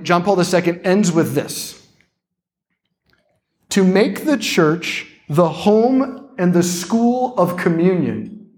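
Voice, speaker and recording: Priest, young adult man, lively keynote speaker with a slightly high voice, conversational and playful. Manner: animated, conversational, playful asides. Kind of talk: keynote talk.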